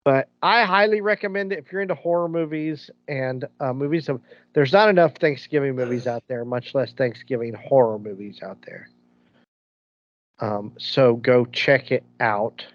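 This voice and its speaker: A man's voice: medium pitch, moderate pace, no echo. A man co-hosting a podcast, chatting casually and rambling through stories with many restarts. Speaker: podcast co-host. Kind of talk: casual chat. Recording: dull lo-fi sound.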